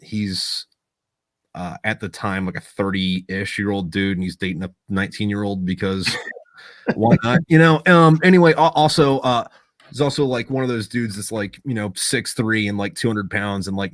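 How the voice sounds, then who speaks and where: A man's voice: lowish voice, moderate pace, no echo. A man who served as a Marine, telling a long story in a casual, profane way, rambling and full of fillers. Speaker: Marine veteran.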